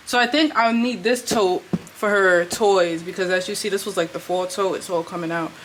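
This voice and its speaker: Young woman rambling to her vlog while clearing out her place, slangy, lots of background noise. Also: on the low side, fairly even intonation, normal speed. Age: 20s. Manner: chatty, slangy, talks to herself as she works. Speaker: vlogger. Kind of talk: casual chat while decluttering. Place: her apartment.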